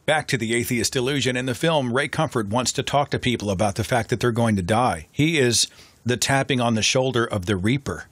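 A man hosting a podcast in casual chat, animated and sardonic, speaking close to a studio mic. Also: mid-range voice, fairly quick, breathy edge, no echo. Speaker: podcast host.

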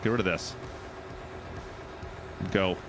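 A man streaming live farm gameplay, chatting excitably with his viewers and talking to the game. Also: sits low, takes it slowly, background noise. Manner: excitable, chatty, talks to chat.

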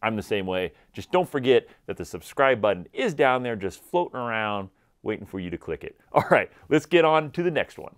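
A man gives dog training advice in an energetic, conversational way, speaking straight to his viewers. His pitch sits in the middle of a man's range and moves a lot as he explains. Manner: energetic, conversational, direct address. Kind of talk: instructional talk to camera.

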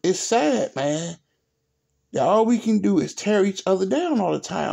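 A man's voice: high voice, lively intonation, moderate pace, gravelly, darkish tone, husky. A man hosting a sports vlog, ranting in an exasperated, repetitive, profane way with speech. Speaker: sports video host.

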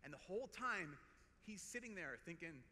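Bright-voiced Minnesotan priest in a hall. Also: male voice, high-pitched, expressive. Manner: earnest and conversational, quick restarts and repeated words. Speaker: priest giving a conference talk. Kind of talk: personal storytelling to a live audience. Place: large conference hall. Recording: reverberant hall, faint background noise.

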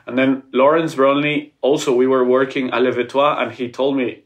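A man's voice: mid-range voice, fairly even intonation, normal speed. A young man from Mexico, an emerging opera tenor, answering an interview question thoughtfully and searching for words. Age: young adult.

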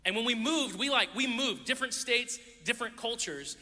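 A man's voice: extremely high pitch, moderate pace, sharp tone. A man preaching a sermon to a church audience, a playful storyteller who acts out the voices in his stories. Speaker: youth pastor. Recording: echoey hall.

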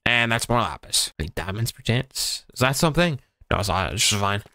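A man's voice: fairly low pitch, animated, fairly quick, pushed and bright, no echo. A man giving casual running commentary while playing a game, talking to himself and swearing freely. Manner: chatty running self-talk, swears casually. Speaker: gaming channel host.

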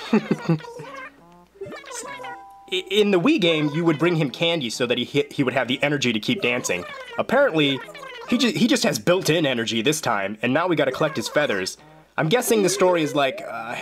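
A young man giving casual, jokey commentary over a video game as host of his video journal. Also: a little high. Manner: playful, jokey, animated exclamations.

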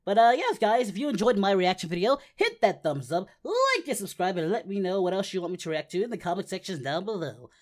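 A woman voicing a brash, excitable adult male martial artist hero, giving in-character reaction commentary and yelping at the screen. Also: medium pitch, brisk, few pauses, close to an everyday voice. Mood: musing. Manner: excitable, yelps and shouts at the screen. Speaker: reaction video host.

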